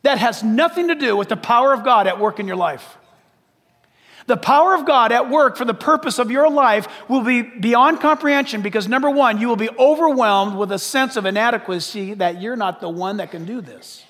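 High-voiced preacher with a long hall reverb. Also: male voice, normal speed, fairly bright tone. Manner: emphatic, rhetorical questions, repeats "listen". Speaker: pastor. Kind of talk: sermon.

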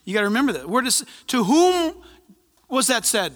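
Lively bright-voiced male preacher in a hall. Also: very high-pitched, moderate pace. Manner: animated, conversational preaching with asides and humor. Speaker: pastor. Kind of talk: sermon. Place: church.

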